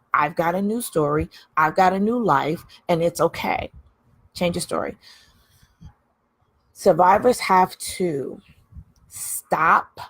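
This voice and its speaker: Blunt, husky woman on a livestream. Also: fairly low pitch. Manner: blunt, emphatic, repeats phrases for emphasis. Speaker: livestream host. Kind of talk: candid livestream talk.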